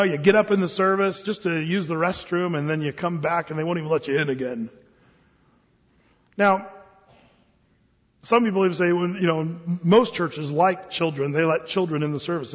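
A man's voice: high-pitched, husky. A male pastor preaching a sermon in church, conversational and jokey, acting out little voices. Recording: dull, reverberant hall recording.

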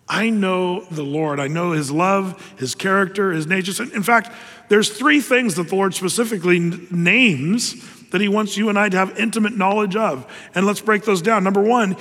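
A man preaching a sermon in an earnest, conversational way, with pauses and restarts. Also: sits high, fairly bright tone, big-room sound. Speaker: pastor.

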